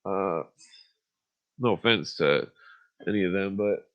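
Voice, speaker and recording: With an ordinary middle pitch, a man hosting a podcast rambles bluntly and profanely, stumbling through fillers and restarts before reading passages aloud. It's casual ranting and reading. The audio is slightly dull and lo-fi, much like a home livestream.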